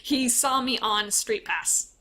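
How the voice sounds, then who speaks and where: A woman's voice: fairly high pitch, takes it slowly, pushed and bright. A young adult woman co-hosting a podcast, chatting casually, swearing often and laughing a lot. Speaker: podcast co-host. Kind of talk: casual chat.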